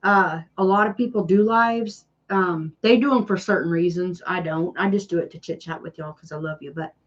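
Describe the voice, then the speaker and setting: A woman's voice: lowish voice, moderate pace, muffled recording. A woman with a Southern US country accent chatting casually with viewers on a live stream, sarcastic and self-deprecating. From Tennessee. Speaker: DIY channel host doing a live stream.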